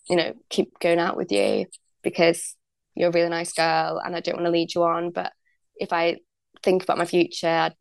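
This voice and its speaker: A young woman speaks as a podcast guest, recounting events in a chatty, candid way and slipping into the voices of the people she quotes. Her voice sits a little low and has a gravelly fry to it. The recording is close and dry. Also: no echo. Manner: chatty, many likes and ums, acts out quoted dialogue. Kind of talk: candid storytelling.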